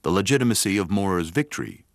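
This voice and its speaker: A man giving measured, scripted narration for a sports documentary. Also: on the low side, gravelly, slight background noise. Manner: measured, even storytelling delivery. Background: music bed.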